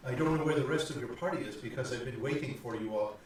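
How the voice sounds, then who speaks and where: A man voicing a kindly older male village priest, gentle, earnest and halting. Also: medium pitch, a little hiss or hum, close to an everyday voice. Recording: echoey room from far off.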